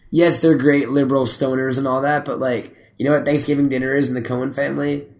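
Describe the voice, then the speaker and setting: A man's voice: mid-range voice, level tone, fairly quick, darkish tone. A young man in casual chat, telling loose, profane stories and acting out quoted lines.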